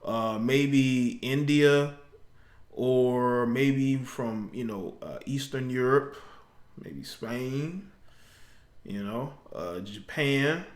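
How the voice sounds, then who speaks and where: Hosting a live call-in talk show, a man with a medium-pitched voice speaks extremely slowly, chatting casually in slang and chuckling as he reads viewer comments aloud.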